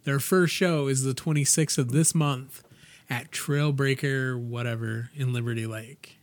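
Profane, excitable middle-aged man. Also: mid-range voice, measured pace, no echo. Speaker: podcast co-host. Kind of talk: casual chat.

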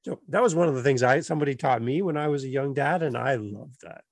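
Gravelly, lively middle-aged man hosting. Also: medium pitch, quick pace, no echo. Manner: animated storyteller who acts out children's voices. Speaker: podcast host. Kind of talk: casual interview chat.

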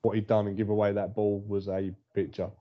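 A man's voice: on the low side, little pitch movement, fairly quick. A man co-hosting a casual sports podcast, telling stories in a chatty way and laughing often. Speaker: podcast co-host. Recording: dull lo-fi audio.

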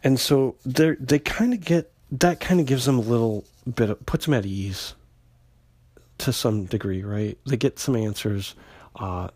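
An unhurried man with a mid-range, slightly mellow voice recaps an old comic book issue for his podcast, with no room sound. His telling is casual and rambling, with many fillers and restarts and loose paraphrasing of the characters.

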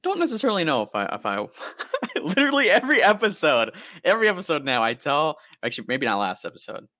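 A young man co-hosting a podcast, swearing casually and acting out stories with squeaky impressions. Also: fast talker, no room sound, clean studio sound. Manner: profane, animated storytelling with squeaky impressions. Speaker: podcast co-host. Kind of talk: casual chat, storytelling.

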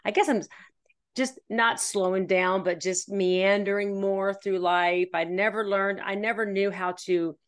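A middle-aged woman from Pennsylvania hosting a casual faith-based interview, chatty and energetic, laughing often. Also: mid-range voice, measured pace. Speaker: podcast host.

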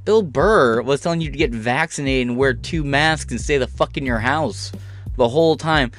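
A man's voice: medium pitch, normal speed, fairly bright tone, soft background music. A man hosting a podcast, reading news and riffing in a sarcastic, profane way. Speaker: podcast host. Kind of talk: casual commentary.

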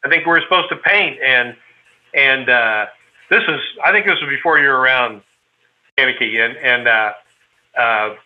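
A man's voice: mid-range voice, moderate pace, dull audio. A man casually reminiscing with a friend, telling a long, meandering anecdote. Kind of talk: casual chat.

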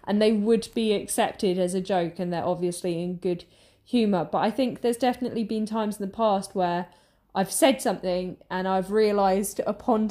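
A woman's voice: mid-range voice, dark tone. A woman talking in a casual chat, reflective and a little hesitant.

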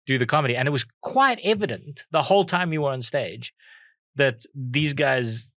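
A man's voice: medium pitch, expressive, moderate pace, fairly bright tone, no echo, clean studio sound. Wry South African man trading stories. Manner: wry storyteller, chuckles through punchlines. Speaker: podcast co-host. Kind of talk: casual comedic chat.

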